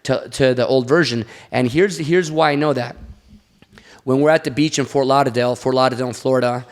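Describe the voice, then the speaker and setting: A man's voice: medium pitch, fairly even intonation, fairly quick. A man talking casually on a podcast, telling candid personal stories in an open, confessional way. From Latin American background. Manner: candid storytelling. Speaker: podcast guest.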